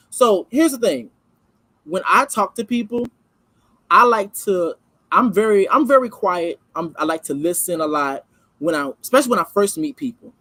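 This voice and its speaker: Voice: mid-range voice, fairly bright tone, no echo, low-quality recording. A channel host giving casual, emphatic reaction commentary, full of slang and asides to viewers.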